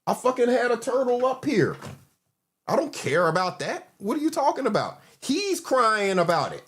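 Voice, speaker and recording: A man's voice: extremely high pitch, big pitch swings, moderate pace, fairly bright tone, slight background noise. A man in casual panel chat, arguing and repeating his questions.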